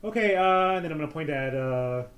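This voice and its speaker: Brief: player, casual, stammery jokes, a bit high voice. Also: male voice, lively intonation, brisk, a bit bright. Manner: joking, stammering. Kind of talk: casual game talk.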